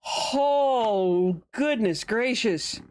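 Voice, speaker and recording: A woman's voice: fairly high pitch, animated, very slow, darkish tone. A young woman streaming a game, chatting casually and laughing often as she comments on the story. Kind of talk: casual let's-play commentary.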